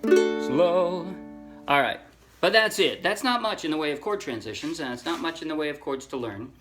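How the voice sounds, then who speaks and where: A man teaching a ukulele song in a relaxed, casual way, counting strings aloud and correcting himself as he goes. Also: fairly high pitch, fairly quick, faint music behind. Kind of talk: casual tutorial talk. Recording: ukulele playing under the voice.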